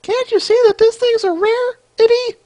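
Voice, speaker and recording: Sex of performer: man. Figure: a man doing a prim cartoon pony lady. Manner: squeaky, indignant, high falsetto. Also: steady tone, moderate pace, dark tone.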